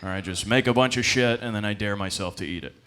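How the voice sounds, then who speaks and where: A man's voice: fairly low pitch, quick pace, a bit bright. Young guy doing loose stand-up, lots of ums, laughs at his own lines. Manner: rambling, self-deprecating, with frequent fillers and laughs. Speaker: stand-up comedian. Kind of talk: stand-up comedy set. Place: comedy club stage.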